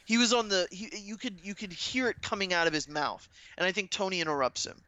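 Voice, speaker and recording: A man chatting excitedly as a podcast co-host, rambling and enthusiastic. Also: sits high, a little fast, no echo. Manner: excited, rambling fan talk. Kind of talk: casual chat.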